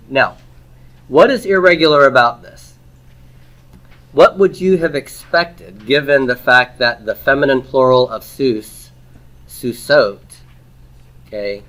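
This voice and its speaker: A man's voice: mid-range voice, a bit bright. A man teaching a Hebrew grammar lesson, explaining step by step, asking questions and then answering them himself, and checking in with "okay?" and "right?". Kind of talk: recorded classroom lecture.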